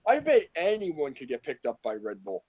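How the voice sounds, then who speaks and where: A man's voice: fairly high pitch, huge pitch swings, moderate pace, warm tone, slightly rough. Guy ranting about movie characters, blunt and sweary, kinda muffled lo-fi audio. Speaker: podcast co-host. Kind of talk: casual movie review chat.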